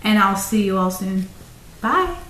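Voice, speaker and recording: A woman's voice: medium pitch, expressive, unhurried, fairly bright tone. A woman giving a casual, rambling pep talk on a phone livestream, drifting off on tangents. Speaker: running and fitness motivator. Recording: roomy sound from far off the mic.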